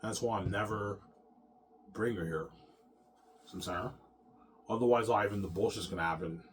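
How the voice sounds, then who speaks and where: Low-voiced man in a rambling, profane monologue. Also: normal speed, a little hiss or hum. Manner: profane, repetitive, ending lines with "man" and "yeah". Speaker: vlogger.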